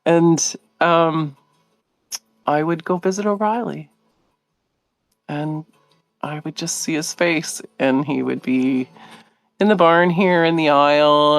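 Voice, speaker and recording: A middle-aged woman hosting a live video, telling a story in a casual, animated way, laughing often and acting out what others said. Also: low voice, slow, pauses often, dry recording. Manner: animated, laughing, acts out quoted voices.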